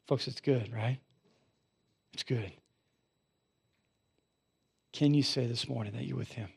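Gravelly-voiced pastor preaching a sermon. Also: male voice, mid-range voice, slow pace. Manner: animated storytelling, rising loud for emphasis, dropping soft in prayer. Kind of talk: sermon with storytelling and prayer. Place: church sanctuary.

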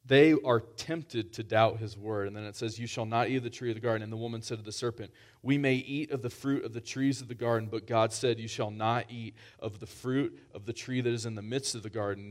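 A man's voice: fairly low pitch, fairly even intonation, fairly quick. A man preaching a sermon in a conversational way, often restarting phrases and pushing up for emphasis.

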